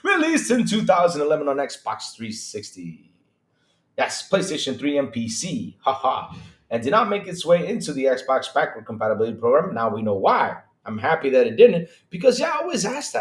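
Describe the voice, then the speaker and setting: Male stream host, lively high voice with big swings, slangy chat-reading manner, roomy echo. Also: a little fast. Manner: animated, reads chat aloud, slangy asides. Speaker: podcast host. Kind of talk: casual livestream chat, reading news.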